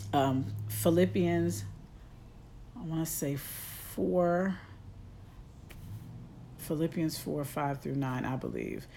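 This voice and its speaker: Her voice is deep and a little mellow, with slight background noise in the phone livestream audio. This woman is a life coach giving a motivational talk, chatty yet somewhat preachy, aimed straight at the people watching.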